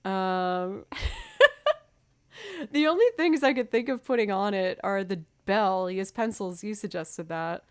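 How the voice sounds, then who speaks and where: A woman streaming music in casual live-stream chat with her viewers. She rambles in a chatty, self-deprecating way, and her voice sits at an everyday middle pitch. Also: animated, takes it slowly, clear, resonant tone.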